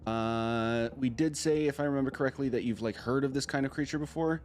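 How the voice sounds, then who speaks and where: A man narrating a tabletop game as game master, loud and excitable, often breaking into laughter. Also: medium pitch, brisk, soft background music.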